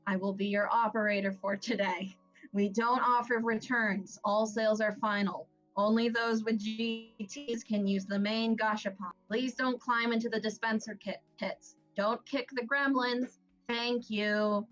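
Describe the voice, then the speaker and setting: A bored teenage girl behind a shop counter, as a woman game master plays her, rattling off the house rules by rote. She speaks slowly and flatly. The recording sounds dull and lo-fi, with faint music behind. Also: on the high side.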